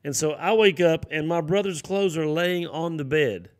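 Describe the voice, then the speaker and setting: A man's voice: fairly high pitch, moderate pace. A man preaching a sermon, telling folksy stories and acting out the voices in them. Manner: folksy storytelling with acted-out voices.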